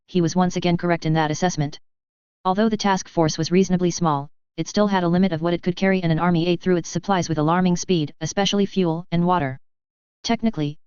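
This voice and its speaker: A steady storyteller reads a fan fiction aloud, very smooth and clear. The sound is dry with no room, and a touch dull and lo-fi. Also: medium pitch, no echo. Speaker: narrator. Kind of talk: audiobook fan fiction reading. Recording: dry, slightly dull lo-fi recording.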